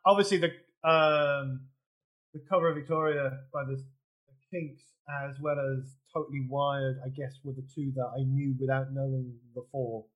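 A man hosting a casual podcast discussion, halting and full of fillers as he asks questions. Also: mid-range voice, steady tone, muffled recording. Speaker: podcast host. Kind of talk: casual chat.

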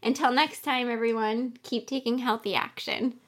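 A woman's voice: fairly high pitch, fairly even intonation, normal speed, fairly bright tone. A young woman hosting a podcast, chatting casually and affirming her guest, with many fillers. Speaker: podcast host.

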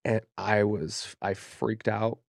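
A podcast guest from Utah, USA, tells a personal story in a slow, creaky voice of fairly low pitch and level tone. He is candid, profane, and casual, sprinkling in lots of "you know" and "dude." The recording is dry and studio quality, made on a podcast studio mic.

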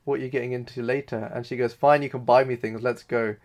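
Male co-host, mid-pitched, chatty scene-by-scene recapper. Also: fairly even intonation, fast talker. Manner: retells scenes with loose quoted lines. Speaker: podcast co-host. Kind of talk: casual recap discussion.

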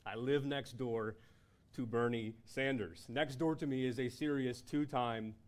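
Man, pastor, sermon, animated storytelling, mid-range voice, frequent restarts. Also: mid-range voice, unhurried.

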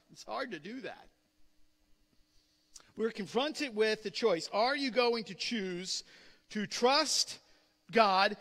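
A man's voice: high voice, pushed and bright. A man preaching a sermon as pastor, telling a story earnestly with many restarts. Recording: long hall reverb.

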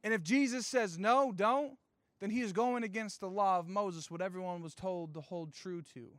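High-voiced animated young preacher. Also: male voice, normal speed, dry recording. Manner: animated storytelling with playful asides and slang. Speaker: youth pastor. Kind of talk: sermon.

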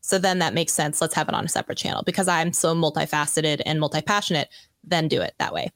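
A woman guest speaking as a video coach, chatting casually and quickly with many fillers over a video call. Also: low-pitched, animated, fairly bright tone, no echo, studio quality. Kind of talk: casual expert chat.

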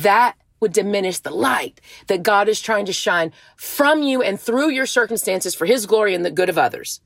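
A woman's voice: medium pitch, expressive, normal speed, gravelly, hardly any pauses, no room sound. A woman giving an earnest, emotional devotional talk, reading scripture and urging her listeners on. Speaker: faith speaker.

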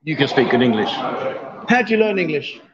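A man's voice: a little high, big pitch swings, moderate pace, muffled recording, background noise. A man hosting a live stream, chatting casually and teasing his guests. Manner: joking, teasing.

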